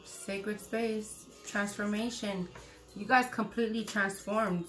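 A woman's voice: medium pitch, steady tone, slow pace, music in the background. A woman doing a casual tarot reading, blunt and profane, repeating her points. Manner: acts out quoted lines loudly. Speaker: tarot reader.

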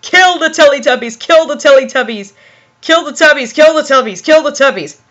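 A woman voicing a sneering, menacing male wizard teacher who threatens and shouts. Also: sits high, expressive, brisk, muffled recording. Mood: angry shouting.

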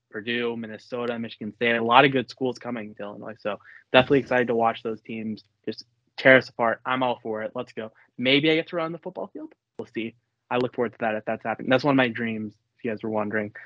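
A young man in his college years hosts a sports podcast in a casual, excitable way, pushing his opinions hard and often restarting mid-sentence. His voice sits at a medium pitch. The sound is dry and a little dull, like lo-fi home audio. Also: no echo. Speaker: podcast host.

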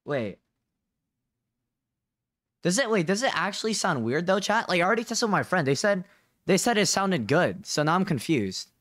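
On a close condenser desk mic at home, a live streamer chats casually with viewers, restless and full of questions, saying "bro" and "dude" a lot. The voice is medium-pitched and very animated at a moderate pace, with frequent pauses, a slightly bright tone and no room sound.

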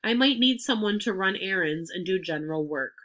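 Lady doing a gentle wise spider, soft and calm, bright. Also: medium pitch, a little fast, lightly acted.

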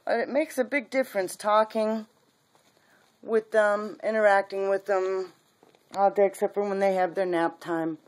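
A woman breeder talking casually about her puppies, often cooing to them in soft baby talk. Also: medium pitch, fairly even intonation, moderate pace. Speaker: dog breeder. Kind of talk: casual video chat with puppies.

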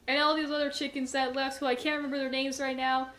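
A woman's voice: sits high, flat delivery, quick pace, a bit bright, slight background noise. A young woman commenting on her own gameplay, who panics and shrieks in tense moments, then rambles and laughs at herself. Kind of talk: let's play commentary.

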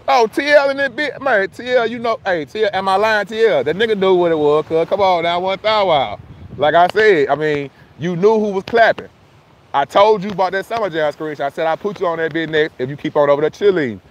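High-voiced man ranting on a livestream. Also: slight background noise. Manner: loose, profane and argumentative, shouting out viewers by name. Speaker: livestream host. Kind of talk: casual livestream chat. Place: outdoors.

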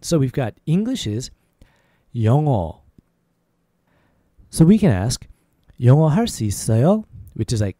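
A man teaching a language lesson on a podcast in an easy, casual way, full of fillers. His voice is mellow and sits a little high, and it is recorded dry and close with no room sound. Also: dry recording. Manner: repeats phrases slowly, then faster, for drilling.

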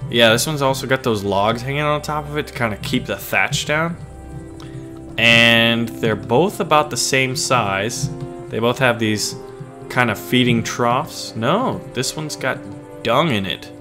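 A man's voice: medium pitch, measured pace, over music. Playful scratchy-voiced man playing a game. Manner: playful, jokey, casual. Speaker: gaming channel host. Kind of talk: let's play commentary.

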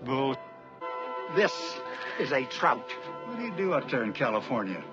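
A cranky old man of eighty, played by an actor, needles everyone around him with dry sarcasm. His voice rises and falls in lively swings. The sound is muffled film trailer audio with music running underneath. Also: medium pitch, normal speed, lightly acted. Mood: wry. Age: 80s.

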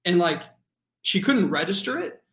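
A man in his twenties, a guest telling his story in a casual, earnest way, full of fillers and animated retelling. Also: sits high, moderate pace, echoey room. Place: home room.

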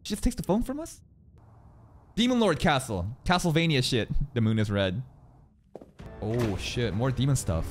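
Woman w a really deep voice reacting to anime, swears a lot, laughs, jumps all over in pitch. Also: moderate pace, long pauses, faint music behind. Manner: excitable, profane, laughs often, thinks aloud. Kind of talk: casual live reaction commentary.

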